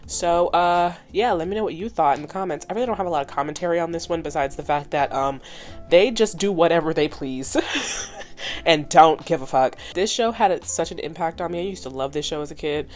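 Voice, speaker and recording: Thinking out loud as she recaps and reacts to a cartoon episode, a vlogger in her twenties is animated and blunt, cursing without restraint. She speaks casually in a fairly low-pitched voice.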